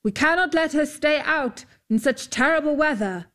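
A man's voice: high voice, unhurried. A woman voicing a courteous, earnest young knight with formal speech in a storybook reading.

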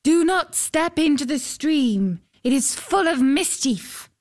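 Brief: a woman playing a wilful young water sprite for a storybook, high and bright. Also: normal speed, lightly acted. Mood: pleading. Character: young water-spirit girl, wilful and playful.

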